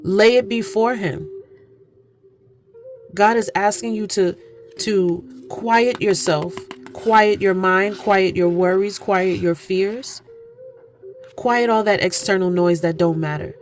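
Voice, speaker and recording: A woman's voice: medium pitch, slow, a little hiss or hum. A woman giving an oracle card reading, earnest and preachy, repeating phrases for emphasis. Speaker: spiritual card reader. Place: indoor room, candles lit.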